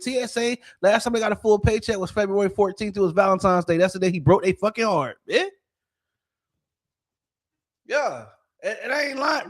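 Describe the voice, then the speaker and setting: A man co-hosting a podcast, giving casual political commentary in an animated, profane way full of rhetorical questions. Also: high voice. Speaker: podcast co-host.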